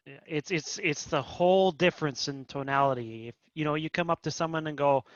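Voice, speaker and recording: A man's voice: a little high, brisk, hardly any pauses, no room sound. A man chiming in casually during an online class, explaining a point with example lines. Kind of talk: casual chat. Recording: dry, distant, lo-fi audio.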